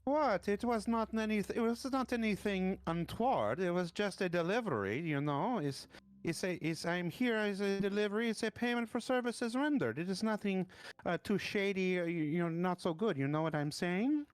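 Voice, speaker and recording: Man playing a shady merchant, high-pitched, wheedling, rambling excuses. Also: moderate pace, clear, resonant tone, no echo, close to an everyday voice. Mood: defensive. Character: shifty male merchant, evasive and wheedling.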